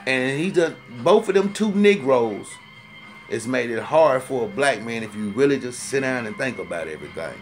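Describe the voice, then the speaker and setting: A man's voice: medium pitch, normal speed, soft background music. A man delivering a comic rant, heated, profane and rambling, repeating himself for emphasis. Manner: animated, rising to loud indignant outbursts. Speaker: storyteller ranting to camera.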